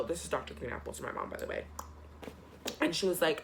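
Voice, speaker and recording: A man's voice: on the high side, fairly quick, a bit bright, a little hiss or hum. A young man telling a storytime vlog in a chatty, slangy, dramatic way. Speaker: vlogger. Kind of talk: casual storytime.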